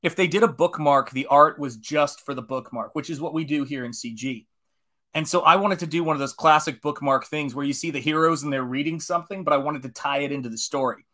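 A man's voice: fairly high pitch, a little fast, pushed and bright. A man in his forties, an artist chatting casually on a live stream while painting, enthusiastic and rambling as he greets viewers. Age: 40s.

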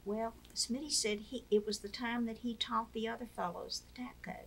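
An older woman from Mississippi, the wife of a former POW, tells stories as an interview guest, acting out the voices of people she quotes. Her voice is on the high side with a steady tone, moderate pace, and vocal fry, over slight background noise.

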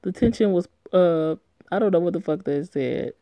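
A woman reading aloud as a troubled young woman who blames herself, in a flat, low-key way. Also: moderate pace, no echo. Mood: despairing. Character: troubled young woman, despairing and self-blaming. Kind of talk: reading a story game aloud.

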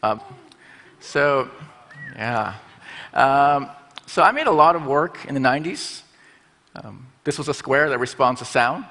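A man's voice: medium pitch, expressive, a little slow, pauses often, sharp tone. A middle-aged man giving a conference talk on stage as a design school president, playful and acting out little voices. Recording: long hall reverb.

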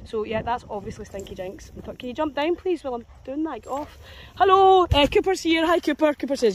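A woman's voice: high-pitched, lively intonation, brisk. A Scottish woman chatting playfully on a casual vlog while walking dogs outdoors in a grassy field, talking to the dogs as she films on a handheld phone. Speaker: dog walker.

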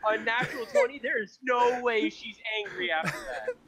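A man's voice: very high-pitched, huge pitch swings, moderate pace, a loud crowd. A man playing a tabletop game, teasing and laughing through casual banter. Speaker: player.

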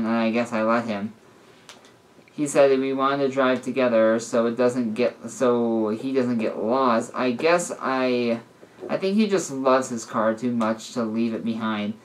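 A man's voice: medium pitch, rough recording. A man casually reading a story aloud, often stumbling and correcting himself. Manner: stumbling, with frequent restarts and self-corrections. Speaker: story reader.

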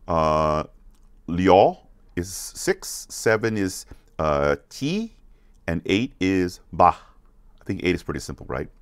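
Lively-pitched deep-voiced male teacher. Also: no room sound, studio quality. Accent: American. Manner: repeats words slowly, asks questions to check along. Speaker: music teacher. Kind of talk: slow, patient lesson for kids.

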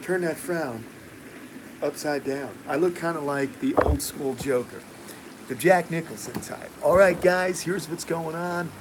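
A man's voice: fairly high pitch, a little slow, very noisy. Chatty New York man on a live stream. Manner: relaxed, chatty, many uh fillers, jokey asides. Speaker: reptile keeper and channel host answering live chat. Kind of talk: casual live-stream chat.

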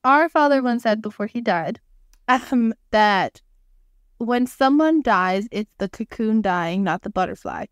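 A young adult woman co-hosting a podcast, bubbly and chatty, quick to throw in pop-culture quotes. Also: on the high side, lively intonation, smooth, dry recording, studio quality. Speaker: podcast co-host. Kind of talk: casual chat.

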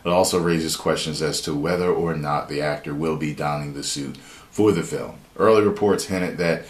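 A man giving excited, profane, rambling video commentary and reading an article aloud. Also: extremely low pitch, moderate pace. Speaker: YouTube commentator. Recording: roomy echo.

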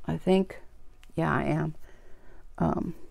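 Brief: woman, embroidery vlog host, rambling and chatty, a bit tired, slightly gravelly, faint machine hum. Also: sits low, fairly even intonation, slow, darkish tone. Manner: rambling, chatty, self-deprecating, lots of fillers. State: tired, yawning. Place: home sewing room, sewing machine running.

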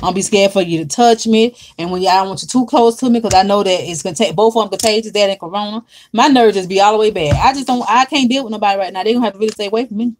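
A woman chatting casually on a livestream, animated and dramatic, laughing often and calling viewers honey and child. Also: medium pitch, rapid-fire, few pauses, slight background noise. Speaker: livestream host reading viewer comments.

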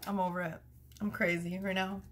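A woman gives a casual tarot reading, chatty and giggly, often laughing through her words and breaking into fits of laughter. Her mid-range voice has a flat delivery and a brisk pace. The recording is very noisy.

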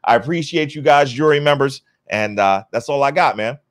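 A man's voice: mid-range voice, moderate pace, a little hiss or hum. Laid-back man in a mid-range voice. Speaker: guest on a panel. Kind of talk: casual conversation.

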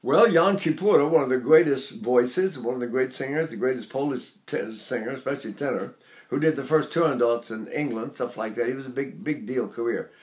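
A man's voice: mid-range voice, fairly quick. An older man teaching singing, talking in a rambling, anecdotal way and breaking off to demonstrate sounds. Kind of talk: spoken singing lesson.

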